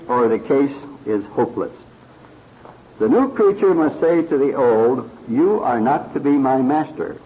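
Man giving a sermon, slow and lively in pitch, dull old-sounding recording. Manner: slow, earnest preaching, telling a fable with quoted voices. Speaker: preacher.

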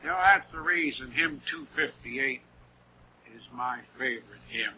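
A man's voice: medium pitch, measured pace. A man preaching a sermon in an earnest, heartfelt way, with rising emphasis on key words. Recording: dull lo-fi old recording with faint noise.

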